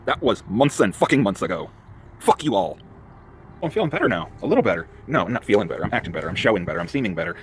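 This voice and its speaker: A man's voice: lowish voice, very animated, rapid-fire, creaky, a little hiss or hum. A man ranting to the camera in a profane, agitated monologue that keeps going off on tangents. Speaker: vlogger. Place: in a vehicle.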